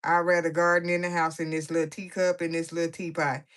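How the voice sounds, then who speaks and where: A woman's voice: fairly low pitch, level tone, quick pace, voice pushed down, natural voice. A woman voicing a fed-up grown woman who grumbles and complains about her situation. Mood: complaining. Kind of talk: playful voiced commentary.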